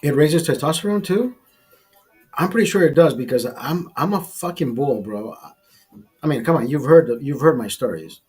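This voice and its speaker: Husky man telling a profane story. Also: on the high side, normal speed, faint music behind. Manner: profane, animated anecdote with acted quotes. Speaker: podcast host telling a story. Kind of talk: casual storytelling chat.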